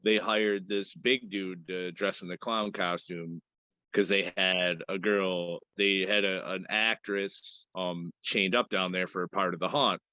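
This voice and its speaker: A man's voice: deep voice, steady tone, unhurried, sharp tone, dry recording, dull audio. A man co-hosting a podcast, loosely retelling a horror movie scene by scene. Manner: loose, rambling retelling with acted-out quotes. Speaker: podcast co-host. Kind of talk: casual film discussion.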